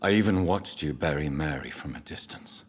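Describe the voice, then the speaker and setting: An actor playing a brooding vampire doctor who speaks in a grave, measured, formal way. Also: male voice, rumbling low, husky. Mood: somber. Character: brooding male vampire doctor, somber and restrained.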